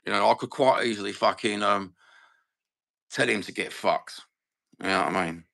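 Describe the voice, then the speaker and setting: Blunt, gravelly Cockney man. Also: lowish voice, moderate pace, fairly bright tone. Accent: London Cockney. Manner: blunt, sweary, rambling. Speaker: fan channel host. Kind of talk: casual livestream chat.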